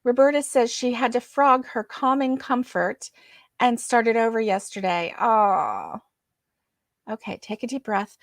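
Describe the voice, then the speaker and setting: A woman's voice: on the high side, slow, no echo, studio quality. A woman hosting a casual crochet livestream, reading viewer comments aloud and greeting each viewer by name.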